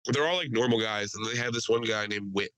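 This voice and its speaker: A man hosting a podcast, telling a story in casual, crude and animated chat. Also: fairly low pitch, fairly quick, low-quality recording. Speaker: podcast host.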